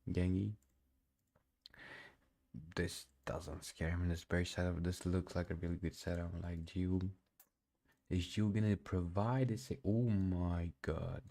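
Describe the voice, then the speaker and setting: Slow, gravelly-voiced young man trading live. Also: sits low, flat delivery, dark tone. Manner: casual and slangy, often says "bro"; non-native English speaker. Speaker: day trader streaming live. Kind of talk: casual live trading commentary.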